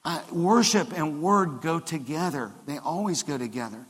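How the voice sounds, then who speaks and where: A man, the pastor, preaching a conversational sermon that builds to emphatic high points, with frequent restarts. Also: normal speed, a bit bright, slightly rough. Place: church sanctuary. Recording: long hall reverb of a church.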